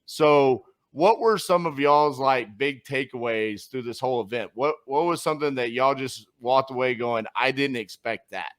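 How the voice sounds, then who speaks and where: A man's voice: medium pitch, moderate pace, few pauses. A man hosting a casual interview podcast, talking in an upbeat, enthusiastic way. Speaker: podcast host.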